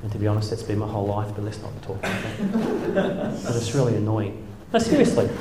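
A man's voice: lowish voice, big pitch swings, quick pace, background noise. A middle-aged man, a former church leader telling self-deprecating stories to a live audience. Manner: self-deprecating, wry, chuckling asides. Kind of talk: humorous storytelling talk. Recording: echoey hall.

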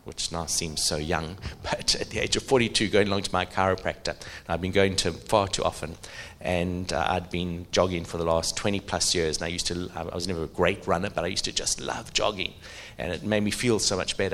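A middle-aged man preaching a sermon, animated, asking the audience questions. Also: deep voice, a little fast, slight background noise.

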